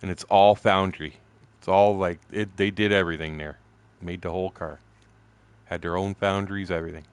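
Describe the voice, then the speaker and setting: A man's voice: low-pitched, steady tone, moderate pace, clean tone, no room sound. A man in his sixties from southern Ontario with a Canadian accent, chatting loosely and profanely while streaming a fishing game, laughing often. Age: 60s. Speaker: gaming streamer. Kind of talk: casual storytelling while gaming.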